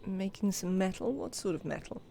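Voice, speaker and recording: English streamer, chatty, live game play, greets chat, mid pitch. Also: expressive, normal speed, vocal fry, mellow, slight background noise. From England. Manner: chatty, greets viewers and scolds game characters. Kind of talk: live video game commentary.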